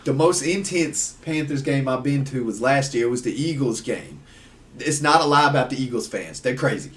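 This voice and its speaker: A man, a podcast guest telling stories in casual chat, animated and acting out the people he quotes. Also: medium pitch, moderate pace, far from the mic. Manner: animated, laughing storyteller who acts out voices. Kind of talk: casual storytelling.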